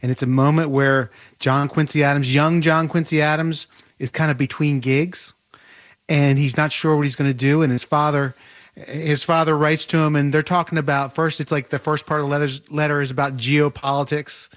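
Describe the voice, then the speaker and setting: A man's voice: fairly high pitch, flat delivery, normal speed. A man being interviewed as an author, telling a historical story in vivid, detailed bursts. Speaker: author guest. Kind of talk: podcast interview.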